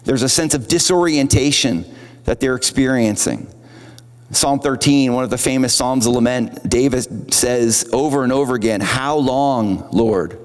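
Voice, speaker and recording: A man's voice: medium pitch, normal speed. Male pastor, earnest conversational sermon voice, long hall reverb. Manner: earnest, conversational preaching with acted-out quotes. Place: church auditorium.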